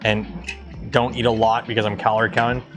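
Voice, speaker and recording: A man's voice: lowish voice, flat delivery, fairly quick, music in the background. A man hosting a livestream, chatting casually with viewers and rambling with many ums and self-corrections. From Canada. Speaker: livestream host.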